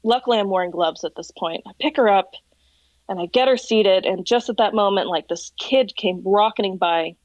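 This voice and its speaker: Lively laughing woman telling stories. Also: medium pitch, moderate pace, no echo, muffled recording. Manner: animated storyteller, laughs often. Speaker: whale watching tour guide, podcast guest. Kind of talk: casual chat, storytelling.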